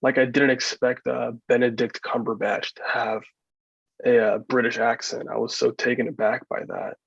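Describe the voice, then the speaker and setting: East Coast American male host, even husky voice, muffled lo-fi mic. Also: medium pitch, normal speed, dry recording. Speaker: podcast host. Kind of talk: casual chat.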